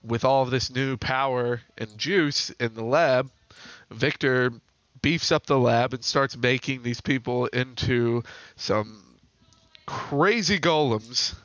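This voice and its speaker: A man retells a game's backstory in an easy, chatty podcast voice, tossing in quick asides as he goes. The recording is dry and a little dull, like a modest home setup. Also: mid-range voice, a bit bright, no echo. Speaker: podcast co-host. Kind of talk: casual chat recapping game lore.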